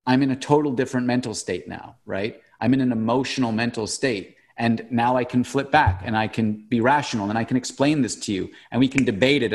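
An earnest man talks openly about emotions in a relaxed conversation. He keeps checking in with "right?" and "like" as he reflects aloud. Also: medium pitch.

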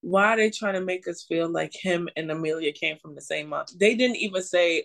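A woman's voice: on the low side, brisk, creaky, hardly any pauses, fairly bright tone. A woman co-hosting a podcast in casual chat, ranting bluntly and with exasperation, swearing often. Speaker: podcast co-host.

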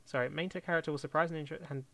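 Young guy, bright tone, dry close sound, casual rambling planning chat. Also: fairly high pitch, fairly even intonation, very fast, creaky, dry recording. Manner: rambling, self-correcting, laughs often. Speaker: fan script co-writer.

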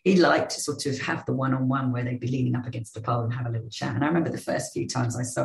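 A woman in her fifties from England, a former rugby player and sports journalist, telling lively anecdotes in a casual interview. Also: a bass voice, rapid-fire, gravelly, hardly any pauses, echoey room, poor audio. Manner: lively storytelling with restarts.

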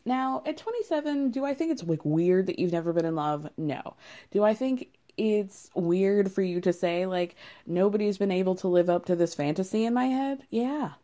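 A woman's voice: on the low side, dark tone. A young woman in casual recap commentary, wry and amused, often breaking into laughter as she talks. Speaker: reality show recapper.

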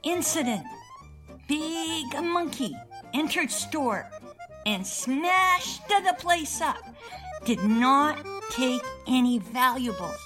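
A woman's voice: sits high, sing-song, takes it slowly, music in the background, heavily acted. A woman playing an eager, by-the-book police sergeant who reads out her notes earnestly. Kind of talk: comedy audio sketch.

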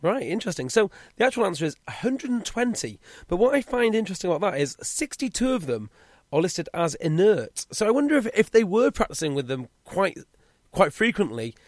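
A man in his forties with a fairly high, lively voice poses curious questions to his fellow hosts. His pitch swings widely. The sound is dry and close. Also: a little fast, no echo. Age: 40s. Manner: curious, quizzing the others. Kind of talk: casual chat.

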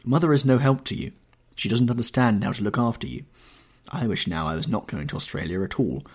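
A man's voice: medium pitch, lively intonation, fairly quick, creaky, husky. A man reading an audiobook, voicing a sullen, jealous sixteen-year-old boy who speaks bluntly and with menace.

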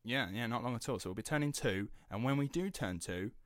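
A man co-hosting a podcast, chatting casually and excitably, with rambling restarts. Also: mid-range voice, fairly quick, no room sound, studio quality. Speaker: podcast co-host. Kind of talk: casual chat.

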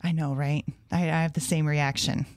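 A woman's voice: sits low, fairly even intonation, normal speed, a little mellow, dry recording, clean studio sound. A woman, a homeschool mom and classroom teacher, talking earnestly in a casual conversation and thinking aloud as she goes.

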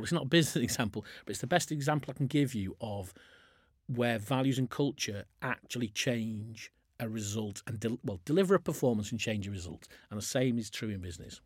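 Husky chatty businessman on a podcast. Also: mid-range voice, a little fast, dry recording, studio quality. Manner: chatty, restarts a lot, uses sports stories. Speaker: business chairman, podcast guest. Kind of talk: casual podcast conversation.

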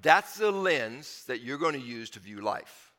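A man's voice: mid-range voice, very animated, a little slow, sharp tone, in a large hall. A man preaching a sermon in an earnest, conversational way, repeating phrases and building to emphatic swells. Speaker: pastor.

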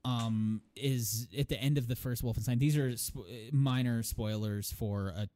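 A man's voice: medium pitch, unhurried. A man co-hosting a casual podcast, retelling a story with lots of energy and frequent laughs. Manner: animated storytelling, laughs often. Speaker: podcast co-host. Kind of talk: casual chat.

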